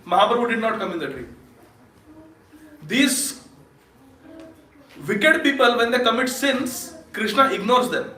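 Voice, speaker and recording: High, bright-voiced man giving a lively sermon. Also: measured pace, long pauses. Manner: lively, laughing, quizzes the audience. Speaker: speaker at a temple Sunday feast. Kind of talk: storytelling sermon. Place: temple hall. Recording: echoey hall, distant mic.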